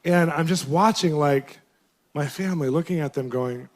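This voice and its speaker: A man, a Christian minister, tells a personal testimony in a lively way, laughing often and jumping up in pitch for his own quoted reactions. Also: brisk. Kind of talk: animated personal storytelling.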